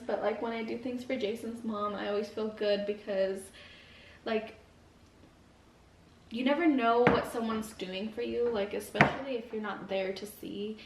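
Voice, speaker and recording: A woman's voice: fairly high pitch, slight background noise. A young woman vlogging while eating, talking earnestly and rambling with lots of "like". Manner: rambling, heavy use of "like", earnest. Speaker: mukbang vlogger. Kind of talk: casual motivational chat while eating. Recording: echoey room, mic at a distance.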